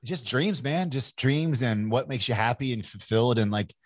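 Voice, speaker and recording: A man's voice: medium pitch, normal speed, no echo. A man in his forties from Kentucky, an entrepreneur telling his story in a candid, rambling interview with many restarts. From Kentucky, USA. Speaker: entrepreneur guest.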